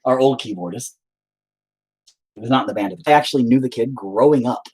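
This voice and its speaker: In a casual confessional livestream, a middle-aged musician with a mid-range, slightly mellow voice and a breathy edge talks at a quick pace. He speaks openly to his chat, rambling and cursing constantly.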